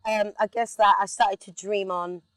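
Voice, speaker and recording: Animated London woman in a car. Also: medium pitch, moderate pace, no echo. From England. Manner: animated storyteller, sings snippets. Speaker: singer, interview guest. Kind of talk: relaxed casual chat. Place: inside a car.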